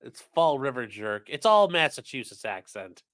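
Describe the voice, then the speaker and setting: A man's voice: medium pitch, big pitch swings, normal speed, a bit bright. A man hosting a casual live stream, reacting to news clips with sarcastic, rambling remarks and reading viewer chat aloud.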